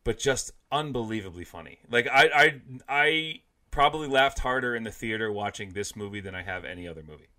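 Bright-voiced young man, laid-back chat. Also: on the low side, a little fast, hardly any pauses. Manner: relaxed, trailing off quietly, lots of "like". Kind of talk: casual chat.

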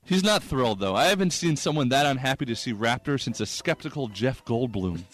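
A man's voice: mid-range voice, animated. Man doing a joke-filled sports monologue. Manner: quick joke delivery, laughs at own jokes. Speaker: comedy sports segment host.

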